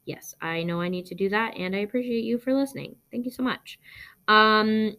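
A woman's voice: mid-range voice, normal speed, bright, forceful tone, clear, resonant tone. A young woman podcast host from Arizona, chatting casually through listener questions, rambling with lots of ums and likes, blunt and profane. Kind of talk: casual Q&A chat.

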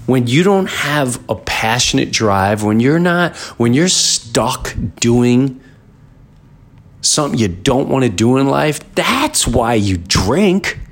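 Middle-aged guy ranting on his podcast, voice all over the place, quiet guitar behind. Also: mid-range voice. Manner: impassioned, preachy rant with emphatic swings. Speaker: podcast host. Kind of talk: solo podcast monologue.

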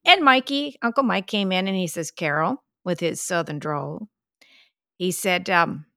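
Older woman, gravelly and bright-edged, chatty storyteller, casual podcast chat, close dry mic. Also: on the low side, unhurried, no echo. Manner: chatty storyteller, exclaims, laughs. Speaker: podcast co-host, mother.

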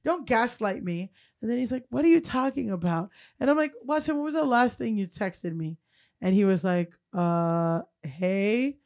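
A young woman co-hosting a podcast, telling a profane, animated story and acting out what people said. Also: mid-range voice, normal speed. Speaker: podcast co-host. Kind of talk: casual comedic storytelling.

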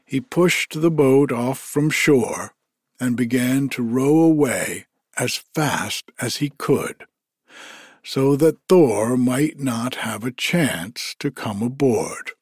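Man reading a storybook out loud, super slow, husky, dry sound. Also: medium pitch, dry recording. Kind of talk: storybook read-aloud.

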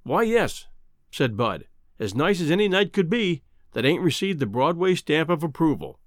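A man's voice: on the high side, big pitch swings, normal speed, no echo, studio quality. A man voicing a folksy, talkative cowboy guide who speaks in drawling frontier slang. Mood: wry.

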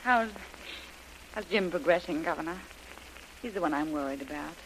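An actor playing a recovering young adventurer, eager and quick to interrupt, in a hissy old radio drama. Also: male voice, on the high side, lively intonation, fairly bright tone, low-quality recording. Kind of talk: 1930s radio drama acting.

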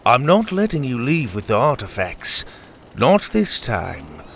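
A man voicing a bold young male swordsman hero who speaks in a steady, defiant tone in a storybook. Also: medium pitch, a little slow, gravelly, slight background noise, exaggerated voice.

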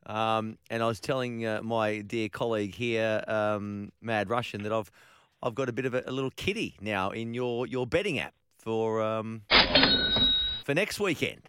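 A man's voice: fairly low pitch, normal speed, a bit bright, clear, resonant tone, no room sound, studio quality. An Australian man hosting a sports radio show, chatting casually and joking, with frequent restarts. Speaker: radio host.

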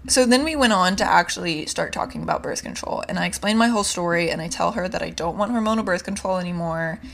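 A woman's voice: mid-range voice, a bit bright. A young woman hosting a podcast, telling a personal story in a candid, exasperated way and swearing freely. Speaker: podcast host. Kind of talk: casual storytelling monologue.

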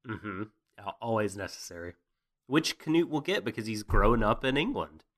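A man's voice: on the low side, very animated, normal speed, fairly bright tone. A man co-hosting a casual anime recap, jokey, profane and rambling. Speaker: podcast co-host.

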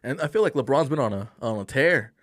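A man's voice: medium pitch, fast talker, no room sound. Profane, ranting young man, dry sound. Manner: profane, animated ranting with slang. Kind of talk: casual chat.

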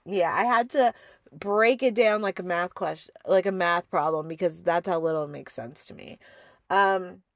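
A woman with a lowish voice and moderate pace hosts a podcast, sarcastically ranting her way through a review of a TV show, full of exasperated asides and laughter. The sound is dry and studio quality.

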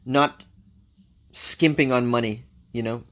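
Taking it slowly, an American man with a mid-range voice that sounds pushed and bright reads news stories aloud on his show, his intonation fairly even. He talks back to what he reads, adding wry jokes in a casual commentary way.

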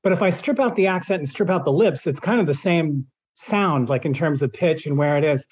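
A man's voice: fairly high pitch, fairly quick, a little mellow, breathy edge, highs cut off. A man who narrates audiobooks, answering in an interview and explaining his process at length with examples.

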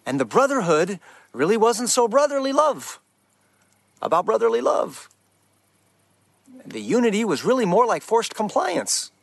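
A man's voice: high voice, big pitch swings, measured pace, gravelly, long pauses, no echo. A man giving an earnest, emphatic preaching talk as a Christian speaker, restarting his phrases often.

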